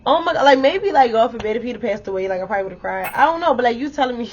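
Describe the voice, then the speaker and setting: Young woman, higher voice, blunt, animated, swearing, storytime vlog, slightly dull sound. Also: very fast, few pauses, a little hiss or hum. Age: young adult. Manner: blunt, animated, swears freely, often addresses viewers. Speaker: storytime vlogger. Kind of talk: casual storytelling to viewers.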